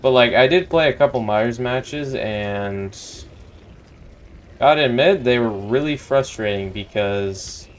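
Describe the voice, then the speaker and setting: A man's voice: medium pitch, a little slow, a little hiss or hum, poor audio. A young man commenting on his own gameplay as a streamer, reacting with disbelief and frustration. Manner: reactive, incredulous, frustrated outbursts. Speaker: gaming streamer.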